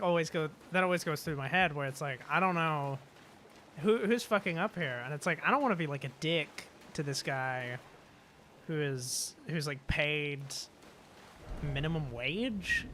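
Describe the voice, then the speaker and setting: Young British male streamer, slightly high voice, halting sweary storyteller, noisy background. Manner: halting, swears a lot, many fillers and restarts. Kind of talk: rambling casual storytelling. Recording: steady background noise.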